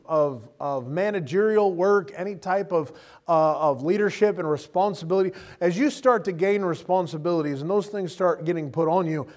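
A man's voice: high-pitched, a little mellow. A middle-aged man preaching a sermon in a conversational, humorous way, often checking in with the listeners. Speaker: pastor.

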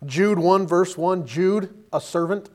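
High-voiced animated male preacher. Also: takes it slowly. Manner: animated, rhetorical questions, reads King James verses aloud. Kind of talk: sermon.

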